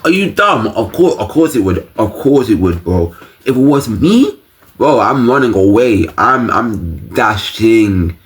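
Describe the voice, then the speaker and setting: A man's voice: fairly low pitch, animated, a little slow. A man reacting to a video, exclaiming and laughing in casual commentary.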